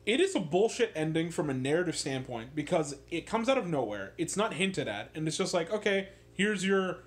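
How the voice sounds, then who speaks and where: A man ranting about a video game in a casual, sarcastic way, swearing a lot and getting animated. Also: fairly high pitch, a little fast. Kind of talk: casual profane rant.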